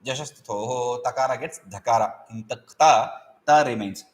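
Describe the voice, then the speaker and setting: Male teacher, patient lecturing, repeats terms, checks in often, mid pitch. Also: normal speed. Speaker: Sanskrit grammar teacher. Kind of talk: explanatory lecture.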